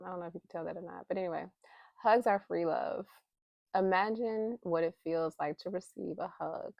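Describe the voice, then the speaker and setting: A spiritual vlogger speaks casually to her close-held phone camera about faith and feelings while drawing inspiration cards. Her lowish voice is creaky, and the recording is dry and dull. She's sincere and open, with bursts of urgent pleading.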